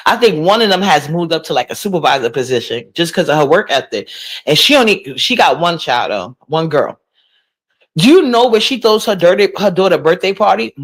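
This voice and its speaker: Gossipy New woman in her forties. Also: lowish voice. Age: 40s. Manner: gossipy, incredulous, talks back to chat. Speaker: livestream host. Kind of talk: casual livestream chat reading comments.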